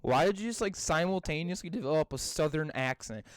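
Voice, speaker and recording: A man co-hosting a podcast over a remote call from his bedroom, excitable and swearing constantly in casual chat. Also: fairly high pitch, fairly quick, dry recording. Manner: excitable, heavy swearing, rants in rising bursts. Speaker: podcast co-host.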